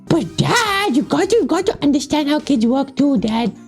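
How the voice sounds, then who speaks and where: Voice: sits high, very animated, moderate pace, soft background music. A player voicing a clingy little radish son who whines and pleads with his dad, in a game voice-over. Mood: whiny pleading. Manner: whiny, pleading, often shouting "Dad".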